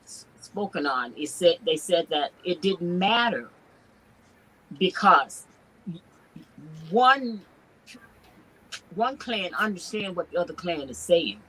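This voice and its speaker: Breathy, bright-toned Southern woman. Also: fairly low pitch, expressive, slow pace, pauses often, rough recording. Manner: self-conscious, hesitant, laughs often. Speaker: panelist. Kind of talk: casual panel conversation.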